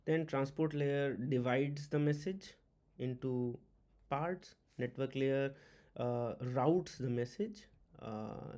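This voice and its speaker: Halting man teaching tech. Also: mid-range voice, darkish tone. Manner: halting, many uh fillers and restarts, repeats key words. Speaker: automotive diagnostics instructor. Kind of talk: informal whiteboard lecture.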